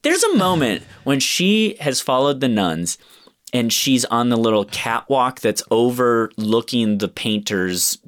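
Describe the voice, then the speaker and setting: A man's voice: medium pitch, sing-song, unhurried. A man in casual chat, animatedly ranting about a movie with lots of swearing and acted-out quotes. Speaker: podcast co-host reviewing a film.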